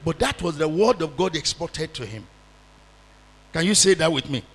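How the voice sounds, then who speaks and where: A man's voice: on the high side, animated, moderate pace, slightly rough, in a large hall. A man preaching a fervent sermon as pastor and leading the congregation in repeated prayer lines.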